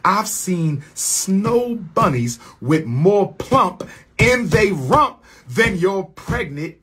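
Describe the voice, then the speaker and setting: A man delivering a heated monologue rant on his own channel, repeating lines in a preacher-like cadence and swinging from low mutters to loud, high questions. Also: sing-song, drawn-out words, slight background noise.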